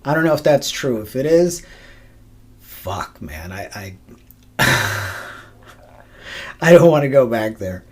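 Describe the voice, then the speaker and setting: A man's voice: medium pitch, very animated, slow pace, pauses often. A man hosting his own podcast in a casual solo monologue, rambling and profane, with frequent laughs and fillers. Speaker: podcast host.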